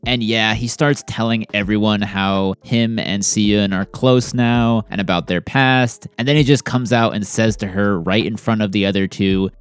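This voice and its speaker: Male TV recap host, low smooth voice, blunt slangy delivery with wry asides. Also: steady tone, moderate pace, few pauses. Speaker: TV drama reviewer. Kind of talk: casual recap and commentary.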